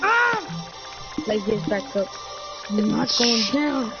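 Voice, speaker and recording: A woman improvising in a roleplay, adding quick, eager moves, over dull lo-fi audio with loud music behind. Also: medium pitch. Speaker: roleplay partner.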